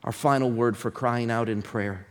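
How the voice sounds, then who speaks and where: A man preaching a sermon, swinging between shouted appeals and hushed, whispered prayers. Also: medium pitch, fairly even intonation, normal speed, in a large hall.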